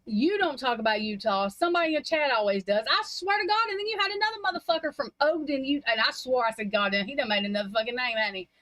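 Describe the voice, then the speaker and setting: A woman's voice: sits high, fast, hardly any pauses, fairly bright tone, dry recording, poor audio. Blunt, profane woman venting casually. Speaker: livestream chat participant. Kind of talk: casual chat.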